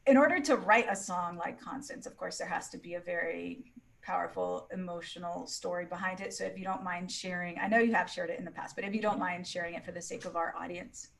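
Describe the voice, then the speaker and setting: Woman, radio host, low voice, gravelly fry, relaxed interviewing. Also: fairly quick.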